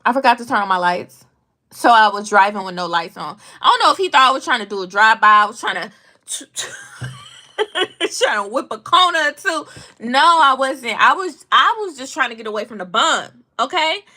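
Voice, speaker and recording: A woman's voice: fairly high pitch, expressive, a little fast, pushed and bright. A young adult woman vlogging, telling casual stories about the news in a blunt, slangy, profane way. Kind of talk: casual storytelling commentary.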